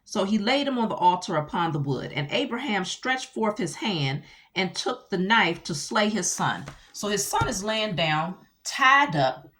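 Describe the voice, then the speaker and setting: A woman teaching scripture casually, animated and full of rhetorical questions. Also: medium pitch, unhurried. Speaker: Bible teacher.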